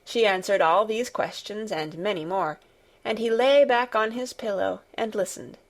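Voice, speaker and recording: A woman reads a classic novel aloud as an audiobook, at a middle pitch. Her delivery is soft and even, and her pacing is relaxed, as if she were telling a bedtime story. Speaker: audiobook narrator. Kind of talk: calm scripted audiobook narration.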